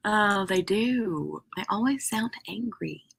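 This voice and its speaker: A woman's voice: mid-range voice, animated, takes it slowly, creaky, breathy edge. A woman hosting a craft live stream, chatting casually with viewers in a rambling way full of "like" and "um".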